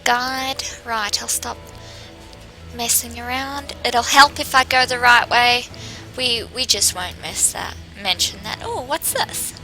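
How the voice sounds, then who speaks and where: A woman's voice: fairly high pitch, takes it slowly, bright, forceful tone, soft background music, low-quality recording. A woman casually playing a video game, reading the quest text aloud and chatting with asides. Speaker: game streamer.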